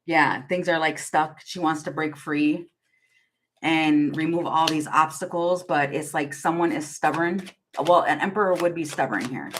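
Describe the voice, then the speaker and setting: A woman's voice: low voice, measured pace, a little hiss or hum, rough recording. A woman doing a casual tarot reading, musing aloud in a hesitant, giggly way with many restarts. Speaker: tarot reader.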